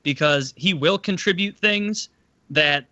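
A man in casual podcast chat, musing wryly in a drawn-out way. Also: a little high, bright, forceful tone, no echo, dull audio.

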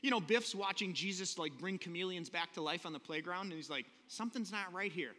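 A man preaching a sermon, telling a story in an animated, joking way with little voices for the characters. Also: high-pitched, brisk. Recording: long hall reverb.

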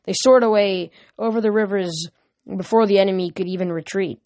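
A woman reads a novel aloud in an easygoing way, often tripping over words and going back to fix them. Her pitch sits in the middle. The recording is dry and close. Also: fairly quick, darkish tone, no echo. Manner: stumbles and restarts words often. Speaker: reader. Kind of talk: casual read-aloud of a novel.

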